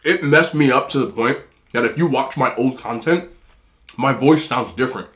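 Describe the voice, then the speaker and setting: A man's voice: mid-range voice, normal speed, a bit bright. Chatty, slightly nasal man eating on camera. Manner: rambling, chatty, talks between bites. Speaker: food vlogger. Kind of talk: casual mukbang chat while eating.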